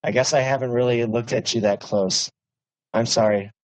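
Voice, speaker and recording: A man on a podcast teasing his co-host with deadpan put-downs. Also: mid-range voice, normal speed, poor audio. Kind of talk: casual banter.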